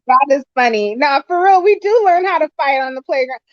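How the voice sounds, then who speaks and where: On a casual panel chat, a woman guest tells stories bluntly and animatedly, swearing as she goes. Her voice sits high and runs fairly quick, with no echo, captured in dry, dull lo-fi call audio.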